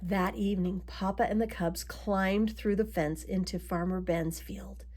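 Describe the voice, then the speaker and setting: A woman reading a children's picture book aloud, adding gentle asides to her young listeners. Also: medium pitch, fairly even intonation, unhurried, slight background noise. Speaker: storybook reader.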